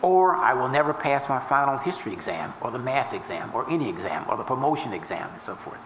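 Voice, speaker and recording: A man's voice: mid-range voice, very animated, noisy background. Male minister preaching in a roomy church. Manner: teaching, explains step by step with formulas and scripture; emphatic rises and drawn-out slow phrases. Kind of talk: sermon. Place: church before a congregation.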